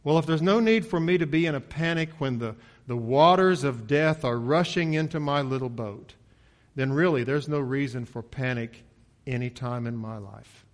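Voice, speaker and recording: A man preaching a sermon in a conversational way, asking rhetorical questions and swinging loud when acting out frightened voices. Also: medium pitch, normal speed. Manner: rises sharply and loud when voicing panicked disciples, drops soft at line ends.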